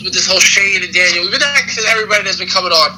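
A man's voice: high-pitched, racing. A man co-hosting a casual wrestling recap podcast, rambling and joking with many fillers. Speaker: podcast co-host. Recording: noisy background.

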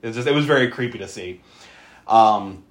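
A podcast co-host recapping a horror movie in casual chat, animated and profane, often laughing. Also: normal speed. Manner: animated, profane, laughing, with sudden pitch jumps. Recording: roomy echo.

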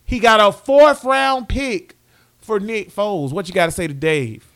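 A man's voice: sits high, a little slow, fairly bright tone. A man co-hosting a casual sports podcast, ranting in slangy talk with lots of rhetorical questions. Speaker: podcast co-host.

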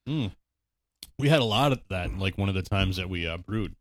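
A man's voice: low voice, animated, moderate pace. A man co-hosting a casual beer-tasting podcast in a laid-back, profane, hesitant way. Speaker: podcast co-host.

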